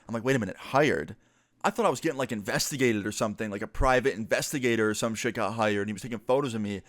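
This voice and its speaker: A man and gaming YouTuber telling a storytime vlog in an animated way, swearing casually. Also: on the low side, racing, no echo.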